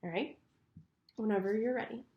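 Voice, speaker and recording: A woman's voice: a little high, moderate pace, highs cut off. A woman acting as a clinician, patiently walking someone through a speech exam step by step. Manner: encouraging, patient. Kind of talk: giving step-by-step instructions.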